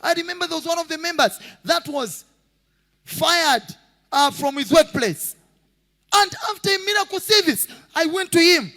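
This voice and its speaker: A male pastor preaching a sermon with passion, shouting and singing out phrases and acting out the people in his stories. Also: very high-pitched, animated, normal speed, in a large hall. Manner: acts out voices of people in stories.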